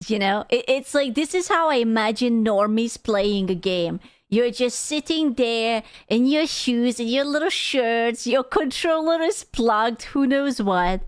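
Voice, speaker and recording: Slow-talking sarcastic woman streamer. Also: fairly high pitch, animated, clean tone, no echo, studio quality. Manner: sarcastic, giggly, mocking. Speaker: streamer reacting to a video. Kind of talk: casual reaction chat.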